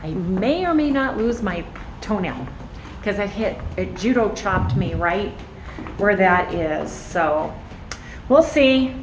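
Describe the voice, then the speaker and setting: Taking it slowly, this middle-aged woman speaks expressively at medium pitch, upbeat and addressing her viewers directly. She's a vlogger filming on a handheld phone, with background noise audible.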